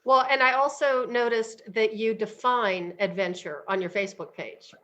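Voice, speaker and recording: A woman's voice: fairly high pitch, moderate pace, sharp tone. Woman podcast host, short follow-up questions, kinda dull audio. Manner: brief, attentive follow-ups. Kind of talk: interview questions. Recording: dull, muffled sound.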